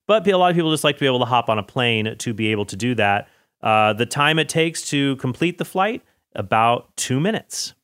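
A man talks on his own podcast in a loose, meandering way, tossing off jokes at his own expense. His voice sits at an everyday middle pitch. The recording is dry and close, with no room sound. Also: a bit bright, no room sound. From United States. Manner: rambling, self-deprecating, jokey asides. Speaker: podcast host. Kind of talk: casual solo podcast monologue.

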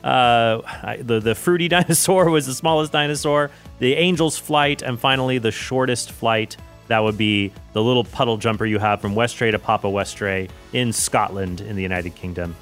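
A man's voice: medium pitch, moderate pace, fairly bright tone, soft background music. A man hosting a casual solo podcast, rambling through facts with jokey, self-deprecating asides. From United States. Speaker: podcast host.

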